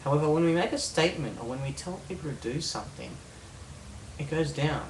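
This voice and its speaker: A man's voice: fairly high pitch, a little fast, roomy sound, distant mic, noisy background. A man teaching hypnosis techniques in an instructional video, explaining step by step and checking in with rhetorical questions.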